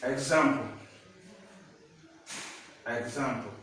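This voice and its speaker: A man teaching a language lesson. He speaks slowly, repeats each word, and often asks the listener whether they understand. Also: mid-range voice, fairly bright tone, a little hiss or hum. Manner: slow, repeats words and checks understanding. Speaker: French teacher. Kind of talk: classroom-style language lesson. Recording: echoey room, voice from a distance.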